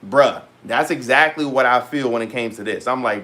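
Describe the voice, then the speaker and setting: A man talking casually to his viewers as a vlogger, loose and rambling with slang and frequent pauses. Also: mid-range voice, pushed and bright. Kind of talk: casual talk to camera.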